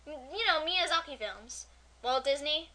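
A young woman co-hosts a casual amateur podcast, talking in a high voice. Her tone is very bright and sharp. She chats fast and easily slips into animated rants. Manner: chatty, animated, quick to rant. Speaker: podcast co-host.

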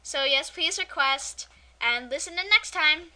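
A woman's voice: high voice, expressive, measured pace, sharp tone. A young woman co-hosting a podcast, chatting casually in a giggly, rambling, playful way. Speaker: podcast co-host. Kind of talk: casual chat.

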